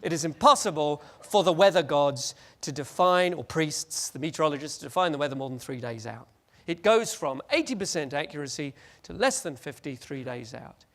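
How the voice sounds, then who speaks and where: Animated man giving a conference talk. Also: a little high, fairly quick, few pauses. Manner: animated, jokey, acts out scenes. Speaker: conference speaker. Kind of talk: conference presentation.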